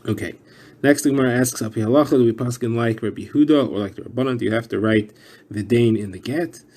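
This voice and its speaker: A man's voice: medium pitch, fast, mellow. A man explaining a daily Talmud page, working steadily through Hebrew and Aramaic terms. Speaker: Talmud teacher.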